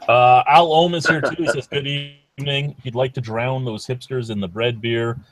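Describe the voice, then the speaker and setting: A man's voice: medium pitch, steady tone, normal speed, no room sound. A man hosting a podcast, reading beer news in a casual, profane, offhand way. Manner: profane, offhand, drawling delivery. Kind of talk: casual chat.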